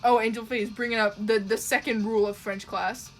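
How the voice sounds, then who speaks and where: A young woman from Canada talks casually to her stream chat while drawing, her voice sitting a little high. She rambles, swears freely and laughs easily, with faint music playing underneath. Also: fairly even intonation, brisk. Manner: chatty, profane, laughs often, trails off with ums. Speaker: livestreamer drawing and reading chat.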